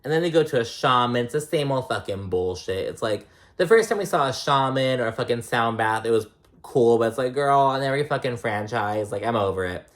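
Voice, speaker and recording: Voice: mid-range voice, expressive, brisk. A reality TV recap vlogger in casual commentary, rambling and swearing often, full of "like" and "um.".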